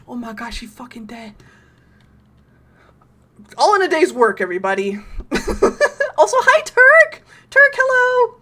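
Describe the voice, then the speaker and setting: A young woman streaming a horror game, excitable, laughing often and swearing casually. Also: a little high, normal speed, pauses often. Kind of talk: casual gameplay commentary.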